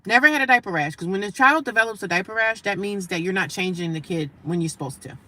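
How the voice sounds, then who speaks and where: A woman livestreaming casual talk from her daily life, animated and emphatic, repeating her points and breaking off to greet passersby. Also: medium pitch, quick pace, dry recording. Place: homeless shelter area.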